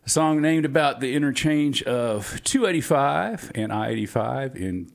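Gravelly man chatting on radio. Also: medium pitch, expressive, normal speed. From Atlanta, Georgia, US. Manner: rambling, chatty, self-amused. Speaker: radio DJ host. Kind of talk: casual radio chat. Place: community radio studio.

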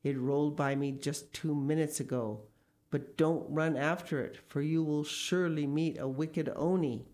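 A woman's voice: low voice, steady tone, a little mellow, close to an everyday voice. A woman voicing a stern, kindly male stone guardian deity in a storybook. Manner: stern and measured.

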